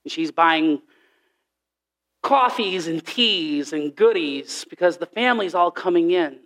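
A man preaching a sermon, telling Bible stories in an animated way and acting out the voices in the quotes. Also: on the high side, a little slow.

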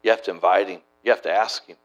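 A man's voice: deep voice, steady tone, fast, highs cut off. A middle-aged man preaching a sermon, telling stories in a folksy, conversational way with many restarts. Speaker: preacher and church planter. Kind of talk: sermon storytelling.

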